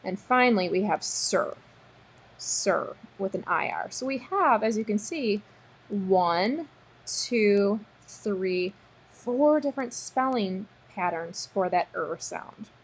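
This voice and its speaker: A woman teacher leads a recorded spelling lesson, stretching each word out slowly and patiently. Her voice has a soft, breathy edge and sits at an ordinary pitch. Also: animated. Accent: American. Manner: slow, patient, sounds out words.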